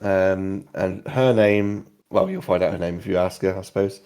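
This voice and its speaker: Game master, man, low mellow voice, halting and rambling as he describes the scene. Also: clean tone. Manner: rambling, halting, lots of ums. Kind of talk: narrating a tabletop game.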